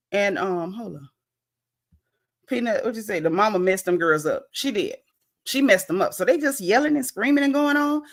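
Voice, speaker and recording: A woman recapping a reality show in casual livestream chat. She tells the story with animated swings in her voice, acts out what the cast said, and reads viewer comments aloud. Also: high-pitched.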